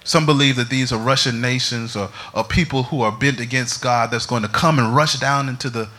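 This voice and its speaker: A man pastor preaching a sermon in an animated, humorous storytelling manner. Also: medium pitch, a little fast.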